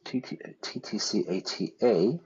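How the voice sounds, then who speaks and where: A man talks through a detective game in a low voice at an unhurried pace. He reads the clues aloud and reacts loudly when things go wrong. The audio sounds a bit dull and lo-fi. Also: lively intonation, a little hiss or hum. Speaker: streamer playing a detective game. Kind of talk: casual gameplay commentary.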